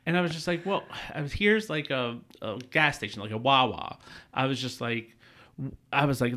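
A man with a bright, forceful voice tells a rambling story in a casual podcast chat. He laughs often and swears freely. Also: mid-range voice, normal speed. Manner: laughing often, profane and animated. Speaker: podcast co-host.

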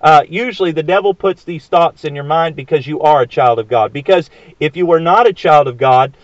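A man's voice: fairly high pitch, brisk, no echo, highs cut off. A man preaching a sermon, earnest and emphatic, with frequent fillers and rhetorical questions.

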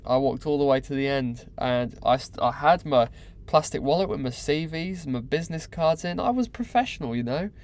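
A man telling a personal story candidly to the camera. He is animated and repeats words for effect. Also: on the high side, normal speed.

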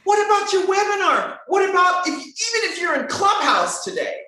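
Very echoey, animated woman voice coach. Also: very high-pitched, moderate pace. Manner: expressive, swooping emphatic delivery. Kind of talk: animated conversational talk. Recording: very echoey room.

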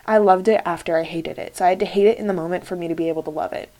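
A woman's voice: on the low side, steady tone, racing, mellow. A young woman talks casually on her solo podcast. She gushes and rambles, filling her sentences with "like" and "um" as she goes. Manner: gushing, many fillers like "like" and "um". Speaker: podcast host.

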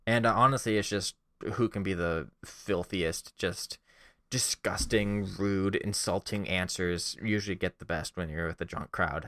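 A man's voice: sits low, fairly bright tone, dry recording, studio quality. A young man casually telling a self-deprecating personal story, rambling with lots of fillers.

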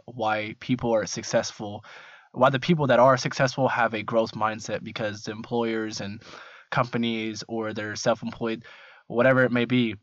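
A man's voice: lowish voice, a bit bright, no echo. A man co-hosting a casual podcast chat, explaining things in an easygoing, hesitant way. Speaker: podcast co-host. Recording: dry, muffled lo-fi audio.

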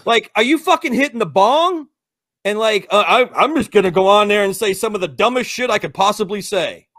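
Guy with a high voice cussing and arguing on a stream, sarcastic, hotheaded. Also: expressive, a little fast, a bit bright. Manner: profane, combative, sarcastic. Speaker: co-host. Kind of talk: heated live-stream debate.

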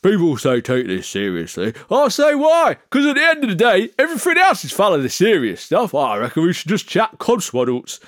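Male host, rambling improv comedy, wildly sing-song delivery, fairly high voice. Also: wildly swooping pitch, brisk, few pauses, fairly bright tone, no echo, clean studio sound. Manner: silly, rambling, jumps between put-on voices. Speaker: podcast agency host. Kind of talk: improvised comic monologue.

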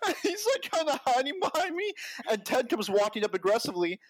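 A man's voice: extremely high pitch, very animated, fast, dry recording. A young man telling work stories in a casual podcast chat, laughing often and swearing freely. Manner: profane, laughing, slangy storyteller. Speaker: podcast guest.

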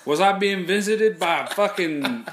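Animated, swearing man telling a story. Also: high voice, measured pace, reverberant. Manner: animated, profane, acts out quotes. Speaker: podcast host telling a story. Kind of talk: casual storytelling chat.

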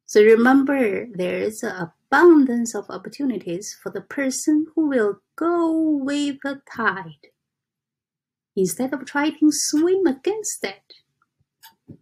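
A woman talking softly and unhurriedly to her viewers in a casual motivational chat. Her voice is airy and a little husky, with frequent restarts. She lingers over each phrase as she reads passages aloud. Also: sits high, expressive. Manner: soft, halting, with frequent restarts and slow deliberate reading. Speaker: self-help vlogger.

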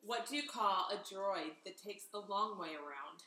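Bright-voiced woman, roomy echo. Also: mid-range voice, moderate pace. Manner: teasing, laughs at her own jokes. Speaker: family member on a podcast. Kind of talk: casual family joke segment. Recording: roomy echo, faint noise.

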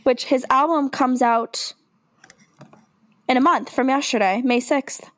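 A young woman co-hosting a casual podcast, her voice sitting high. She gushes excitedly about music and tours and tosses in casual swearing. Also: unhurried. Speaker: podcast co-host. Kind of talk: casual chat.

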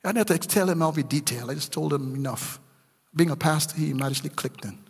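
A man's voice: fairly high pitch, fast, in a large hall. A man preaching a sermon as a pastor, with emphatic delivery and a storytelling manner. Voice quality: gravelly, husky.

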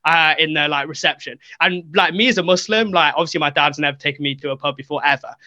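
A man's voice: fairly high pitch, fast talker, sharp tone, no echo. Young man, casual podcast guest, acts out quotes, filler-heavy, dry sound. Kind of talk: casual storytelling.

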